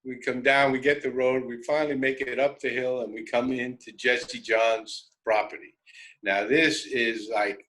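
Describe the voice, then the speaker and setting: A man telling a road story on a radio show, animated and self-interrupting, often laughing. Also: mid-range voice, normal speed, poor audio. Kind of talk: casual storytelling.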